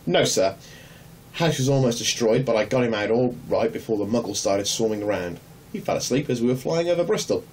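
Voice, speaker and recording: A man reading aloud and voicing a huge, soft-hearted male half-giant who talks in a rough, earnest, respectful way, raised and louder than his own voice. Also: medium pitch, animated, a little fast, lightly acted. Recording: distant mic, faint hum.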